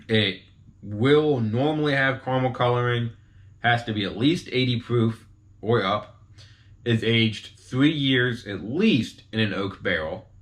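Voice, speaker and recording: A man's voice: mid-range voice, fairly bright tone. Chatty man explaining casually. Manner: chatty, informal, talks straight to viewers with asides. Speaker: host explaining whiskey types.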